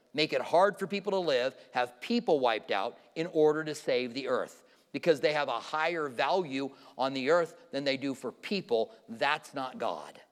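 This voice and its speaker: Man teaching a sermon in a reverberant hall. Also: medium pitch. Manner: informal, questions the audience directly. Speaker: Bible teacher. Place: church hall with a live audience. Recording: long reverb of a large hall.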